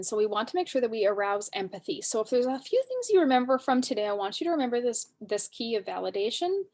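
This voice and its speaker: A woman in her thirties, a parenting coach, gives a casual workshop talk and often acts out lines from parents and children in a lively way. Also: on the high side.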